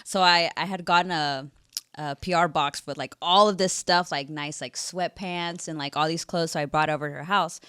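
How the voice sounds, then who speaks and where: A young woman with a lowish voice tells stories in casual podcast chat, slipping into the voices of the people she quotes. The sound is dry and close, with no room around her. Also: steady tone, moderate pace, a bit bright, clean tone, no room sound. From Salvadoran and Nicaraguan family. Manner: chatty storyteller, acts out quotes. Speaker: podcast guest.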